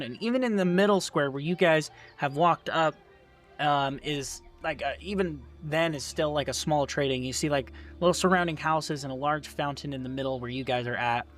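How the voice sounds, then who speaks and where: Guy game-mastering casually, lots of ums, kinda high voice. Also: fairly bright tone. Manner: casual, many fillers. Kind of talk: narrating a tabletop game.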